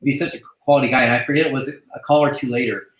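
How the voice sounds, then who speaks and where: A man hosting a casual online chat who talks effusively, halting often to restart his sentences. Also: mid-range voice, steady tone, echoey room, rough recording. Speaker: host welcoming a new agent.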